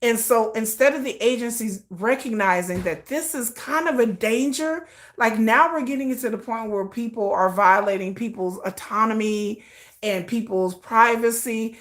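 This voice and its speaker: A woman's voice: fairly high pitch, moderate pace. A woman hosting a casual livestream, ranting with profanity and acting out dramatic quoted voices. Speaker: livestream host.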